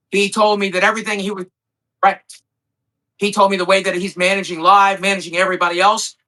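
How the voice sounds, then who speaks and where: A man's voice: high voice, bright, forceful tone, rough recording. A man co-hosting a live stream, arguing insistently and repeating his questions over and over. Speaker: stream co-host. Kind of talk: heated livestream argument.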